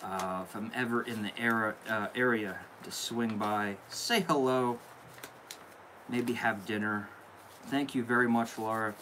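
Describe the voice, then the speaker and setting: A man's voice: lowish voice, steady tone, unhurried, sharp tone, a little hiss or hum, rough recording. A young man hosting a casual live stream, opening viewer mail and gushing with thanks. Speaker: candle channel host.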